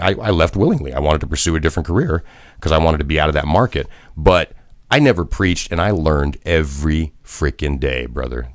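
A man's voice: very deep voice, no echo, studio quality. A middle-aged man and former broadcaster, co-hosting a podcast in casual chat with blunt, profane rants. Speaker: podcast co-host.

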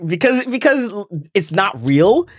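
A man's voice: high-pitched, takes it slowly, dry recording. Guy cohosting a movie podcast, voice jumps all over, stumbles and laughs a lot, dry close mic. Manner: animated, stumbling restarts, laughs often. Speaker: podcast co-host. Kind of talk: casual chat.

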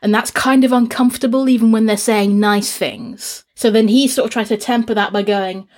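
A woman co-hosting a casual book discussion, retelling the plot in a lively way and acting out the characters' lines. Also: fairly high pitch, moderate pace. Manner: animated retelling, acts out characters' lines in a raised voice. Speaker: podcast co-host.

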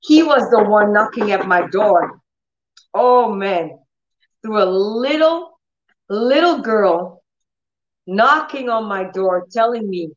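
A woman's voice: medium pitch, animated, slow pace, pauses often. A middle-aged woman preaching and telling a personal testimony in an earnest, storytelling way, with restarts and laughter. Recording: roomy, slightly dull recording.

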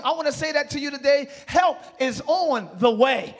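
A male pastor preaching a live church sermon, exhorting and shouting to the congregation, then dropping into quieter conversational asides. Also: extremely high pitch, expressive, moderate pace, hardly any pauses. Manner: drops to a quiet conversational tone between shouted passages. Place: church sanctuary.

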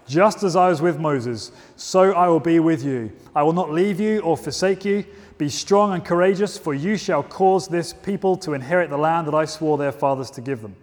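A man's voice: fairly high pitch, darkish tone. A man with a slightly raised voice preaches at a church service, reading scripture and then teaching. He talks in an informal, self-deprecating way, full of asides and restarts. A long reverb hangs behind him, as in a church hall.

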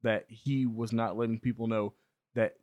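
A man's voice: on the low side, level tone, moderate pace, darkish tone, no room sound. A young man co-hosting a podcast in casual chat, laid-back and joking. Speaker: podcast co-host.

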